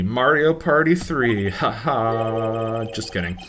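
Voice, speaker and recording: A man's voice: mid-range voice, expressive, slow, a bit bright, a little hiss or hum. A man doing casual, sarcastic let's-play commentary, mocking the game as he reads its lines aloud.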